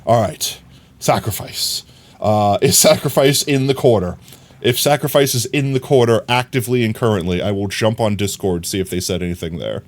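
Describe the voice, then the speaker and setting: A man's voice: lowish voice, moderate pace. A man streaming live, chatting casually, reading viewers' messages and laughing as he rambles. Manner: rambling, laughing, reads chat aloud.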